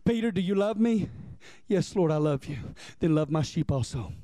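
A man's voice: on the high side, animated, normal speed, dark tone, no echo. A man preaching a conversational sermon as pastor, repeating lines for emphasis and asking his congregation questions.

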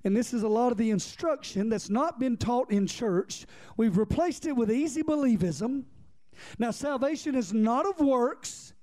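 A man with a strikingly high voice delivers a fervent sermon. He builds momentum through repetition, rising into shouts and pulling the congregation in with direct questions. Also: animated, moderate pace. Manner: impassioned, rhythmic repetition, bursts into shouting. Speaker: preacher.

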